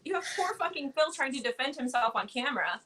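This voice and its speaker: A woman's voice: sits high, expressive, quick pace, a bit bright, a little hiss or hum, rough recording. A woman talking casually on a live stream, outspoken and indignant, firmly telling people to check their facts.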